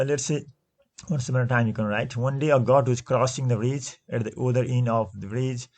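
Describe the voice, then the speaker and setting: A male teacher going over textbook exercise answers slowly, repeating and correcting himself as he explains. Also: mid-range voice, creaky, a little mellow. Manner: slow, repetitive, restates answers with frequent self-corrections. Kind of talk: classroom lesson going through textbook exercises.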